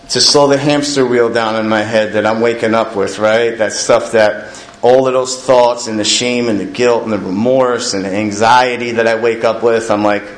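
A man speaking candidly to a recovery meeting, telling his own story in a conversational, self-mocking way and often asking the room "right?". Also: medium pitch. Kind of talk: personal recovery story told to a group. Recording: echoey room with faint ambience.

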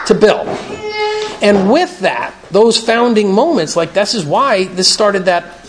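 A man shares at an evening recovery meeting in a plain-spoken, earnest way, telling stories as he goes. His voice sits a little high and carries a rough, gravelly edge. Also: a little hiss or hum. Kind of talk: conversational talk at a recovery meeting. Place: meeting room, evening gathering.

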